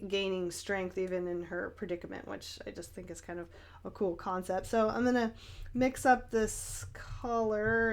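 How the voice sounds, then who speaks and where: Chatty, giggly young woman painter. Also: fairly high pitch. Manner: chatty and rambling, with giggles and fillers. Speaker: painting vlogger and art teacher. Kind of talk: casual paint-along chat.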